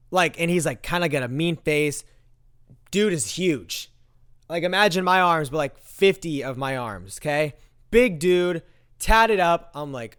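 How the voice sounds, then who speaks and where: A young man tells a story to his audience in a lively, casual way, jumping into the voices of the people he quotes. His voice sits a little high for a man and comes through smooth and clean. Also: moderate pace. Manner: animated, acts out quoted lines. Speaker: vlogger. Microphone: handheld mic.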